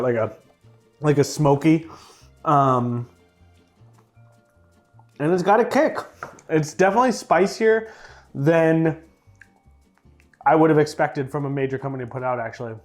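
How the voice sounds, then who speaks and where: A man's voice: on the high side, animated, normal speed, pauses often, darkish tone, soft background music. A young man with a chatty, joking manner, casually reviewing sauces in a vlog and trailing off into fillers. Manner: playfully repeats and mispronounces words. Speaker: food reviewer. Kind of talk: casual food tasting vlog.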